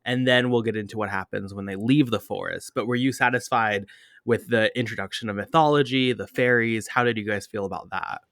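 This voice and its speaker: A man's voice: lowish voice, fairly even intonation, brisk, a bit bright, dry recording, clean studio sound. A man hosting a casual film podcast, steering the talk and asking the others questions. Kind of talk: casual film review chat.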